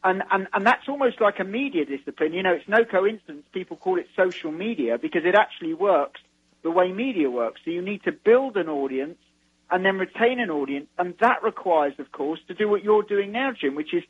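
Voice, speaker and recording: A man's voice: sits high, animated, breathy edge. A man, a guest author, explaining his views on marketing in an interview, restarting his sentences as he goes. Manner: measured, explanatory, repeats words as he starts. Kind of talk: interview over the phone. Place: London. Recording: tinny phone line.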